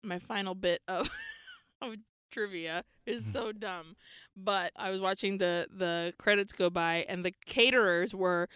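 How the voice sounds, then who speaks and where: A giggly woman co-hosting a podcast, chatting casually and laughing often as she talks. Her voice is bright and smooth and a little high. The recording is dry and close to the mic. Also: measured pace, no room sound. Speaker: podcast co-host. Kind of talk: casual chat.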